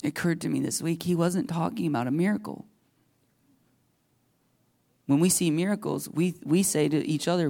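A man's voice: a little high, normal speed, gravelly, long pauses, dark tone. A middle-aged man preaching a sermon in a conversational, emphatic way, acting out the voices he quotes. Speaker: pastor.

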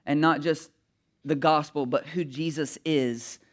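A man's voice: on the high side, fairly even intonation, unhurried. A man in his thirties preaching a sermon in a conversational, humorous way, asking the audience questions and chuckling at his own story. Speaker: pastor.

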